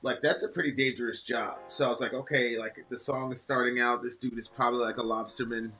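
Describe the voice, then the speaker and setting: A man in relaxed reaction-video chat, talking loosely and wandering through his thoughts with plenty of fillers. His voice sits at an ordinary pitch, and faint music plays underneath. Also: quick pace. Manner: loose, rambling, lots of fillers. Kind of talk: casual chat, reading lyrics aloud.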